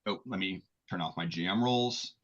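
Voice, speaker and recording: A man running an online tabletop game as game master, giving relaxed, chatty rulings. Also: deep voice, moderate pace, muffled recording.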